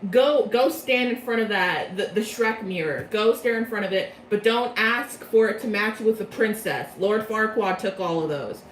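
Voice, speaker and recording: A woman's voice: mid-range voice, lively intonation, normal speed, few pauses, lightly acted. A woman voicing a brash bird-man headmaster who talks in a pushy, blustering way, recorded in a roomy space. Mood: bossy. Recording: roomy echo, faint noise.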